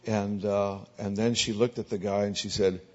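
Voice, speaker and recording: A man preaching as a pastor, telling anecdotal stories in a sermon and growing louder and more excited as they build. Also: on the low side, moderate pace. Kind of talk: sermon storytelling. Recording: dull lo-fi recording.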